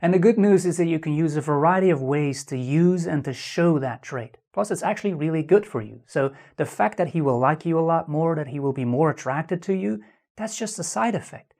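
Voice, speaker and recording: A man's voice: on the high side, lively intonation, brisk, a little mellow. A man hosting a dating-advice video, speaking straight to the viewer in an earnest, conversational way and often asking rhetorical questions. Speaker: dating author and video host. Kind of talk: direct-to-camera advice talk.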